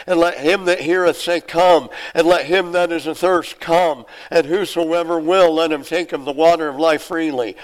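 An older man preaching a sermon with emphatic repetition and sudden loud swells of emphasis. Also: fairly high pitch, poor audio. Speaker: pastor.

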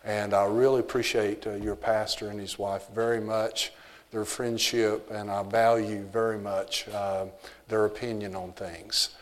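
A man's voice: on the low side, flat delivery, measured pace. Folksy Southern man in echoey church. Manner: easygoing, folksy, with frequent fillers. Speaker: visiting missionary. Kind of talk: informal church address. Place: church sanctuary.

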